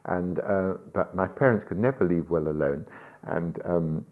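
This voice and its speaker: Deep-voiced older man telling chuckling stories. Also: unhurried, narrow, tinny audio. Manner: chuckling, anecdotal storytelling with frequent hesitations. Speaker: rabbi and guest. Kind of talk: radio interview conversation.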